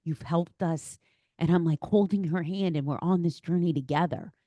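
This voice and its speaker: A woman with a notably low voice hosts a podcast conversation, gushing and openly emotional as she shares her own story. The sound is dry and close, with no room around it. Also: fairly quick, warm tone, no room sound. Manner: effusive and emotional, gushing praise. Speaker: podcast host.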